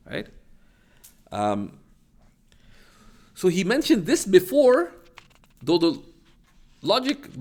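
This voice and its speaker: A man teaches a class from a legal text, reading Arabic passages aloud and explaining them with many fillers and restarts. He keeps checking in with "right?", and his voice sits high.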